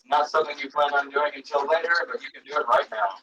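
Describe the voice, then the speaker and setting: Man, cooking demo, bright sharp voice, somewhat high, off-mic with faint noise. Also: quick pace, slightly rough, far from the mic, lo-fi sound. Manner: explanatory, relaxed instructions. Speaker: streamer cooking on camera. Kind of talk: cooking demonstration.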